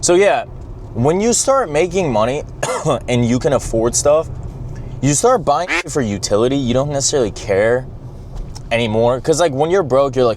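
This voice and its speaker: Driving as he vlogs, a young man with a medium-pitched, animated, darkish voice talks at normal speed, with a faint hiss or hum on the recording. His chatter is blunt, rambling and profane, full of "bro."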